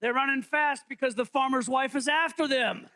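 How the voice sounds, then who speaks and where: A man's voice: very high-pitched, moderate pace, bright, forceful tone. A male pastor giving a playful, interactive sermon in a church, quizzing the congregation. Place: church sanctuary.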